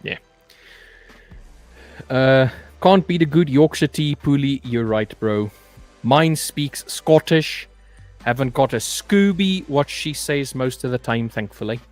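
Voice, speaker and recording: A man's voice: mid-range voice, lively intonation, slow, darkish tone, faint music behind. A young British man chatting casually as a livestream co-host, teasing with dry remarks. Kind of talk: casual chat.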